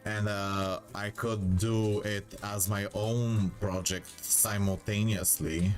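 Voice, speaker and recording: A man streaming live, musing emotionally about a dream job and reading advice aloud in a wistful, drawn-out way. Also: fairly low pitch, steady tone, faint music behind. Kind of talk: emotional livestream chat.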